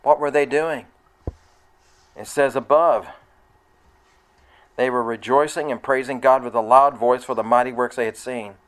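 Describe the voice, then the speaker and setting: Male preacher, mid-pitched, plain delivery, verse-by-verse sermon that sometimes builds to loud excitement. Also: measured pace, long pauses, low-quality recording. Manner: conversational, rising to loud excited retelling.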